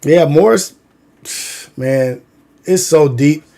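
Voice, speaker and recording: A man's voice: on the high side, slow, dark tone. Slangy man telling wild street stories. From Long Beach, California. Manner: loose slangy storytelling, many fillers. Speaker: livestream host. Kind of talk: casual storytelling livestream.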